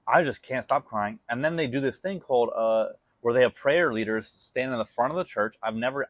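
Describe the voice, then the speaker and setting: A man's voice: on the low side, no echo, dull audio. A young man giving an emotional personal testimony in a rambling casual way, full of "like" and "dude". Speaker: vlogger.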